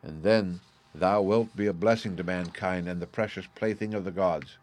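A man reading aloud as a noble young hero, speaking in a solemn, measured way. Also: deep voice, fairly even intonation, close to an everyday voice.

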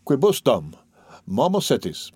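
A man's voice: mid-range voice, huge pitch swings, unhurried, darkish tone, husky, no echo, clean studio sound, full character voice. A man reading as a sly, wheedling young scholar. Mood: coaxing. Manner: wheedling, mock-innocent.

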